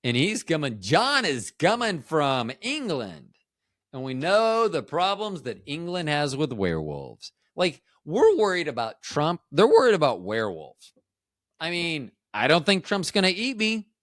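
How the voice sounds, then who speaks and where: Guy rambling on his podcast, cracking jokes at himself, pitch all over, dead dry sound. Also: a bit bright, dry recording. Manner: joking, self-deprecating, trails off and restarts. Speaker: podcast host. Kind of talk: rambling solo podcast chat.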